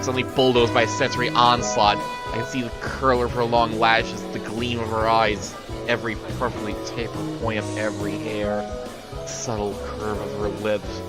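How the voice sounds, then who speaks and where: A man streaming himself reading a visual novel aloud, narrating and then ranting in an animated way, full of "like.". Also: fairly low pitch, moderate pace, low-quality recording. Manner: animated, frequent filler "like". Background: game music.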